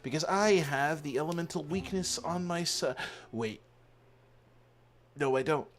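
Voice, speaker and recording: A man commentating casually while live-streaming a game, playful and rambling, with sudden excited yelps. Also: a little high, a little slow.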